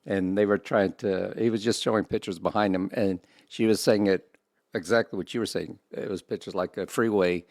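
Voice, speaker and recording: A man's voice: lowish voice, fairly even intonation, moderate pace, darkish tone, no room sound, clean studio sound. A man co-hosting a casual podcast, joking and teasing in an easygoing way. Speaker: podcast co-host. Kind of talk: casual banter.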